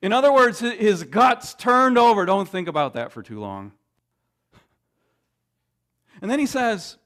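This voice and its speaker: A man preaching a sermon, emphatic, with dramatic pauses and frequent restarts. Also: sits high, sing-song, a bit bright. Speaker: pastor.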